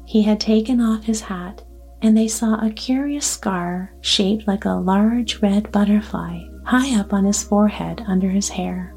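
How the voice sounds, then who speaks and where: A woman tells a soothing bedtime story in a soft, slow, calm voice. Her tone is mellow at a middle pitch, with faint music underneath. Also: gravelly. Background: soft background music.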